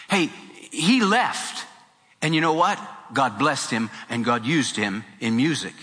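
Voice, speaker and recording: A man preaching a sermon as a pastor, telling a story with animated delivery and acting out quoted voices. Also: mid-range voice, a little slow. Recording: long hall reverb with faint music.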